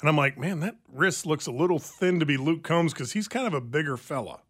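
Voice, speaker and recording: A man co-hosting a radio talk show, telling stories in an animated, chatty way. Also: fairly high pitch, fairly quick. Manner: chatty storyteller, animated retelling. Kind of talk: casual chat.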